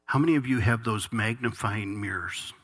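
A man's voice: lowish voice, normal speed, fairly bright tone. A middle-aged man preaching a conversational, earnest sermon to his congregation, restarting phrases as he goes. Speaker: pastor.

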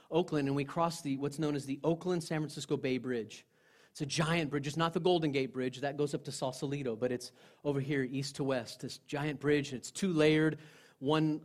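A male pastor preaching a sermon, telling personal stories in an earnest way, dropping to a hush and then rising again. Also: mid-range voice. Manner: earnest storytelling, swinging from loud to hushed.

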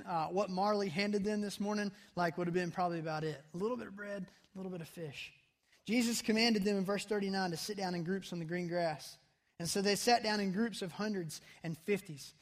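Male pastor, high voice, chatty sermon delivery with soft intense drops. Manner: conversational preaching, drops to soft intense tones. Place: church sanctuary.

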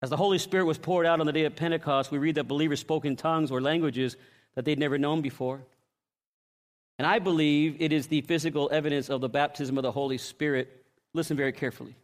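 A middle-aged man preaching a sermon, telling stories dramatically, acting out voices and shouting at the peaks. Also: on the high side, steady tone, fast talker. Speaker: pastor.

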